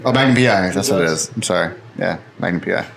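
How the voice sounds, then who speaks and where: Bright podcast co-host, quick agreements. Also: male voice, low-pitched, creaky, reverberant. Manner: quick agreeing interjections, often trails off quietly. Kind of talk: casual chat. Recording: faint background hum.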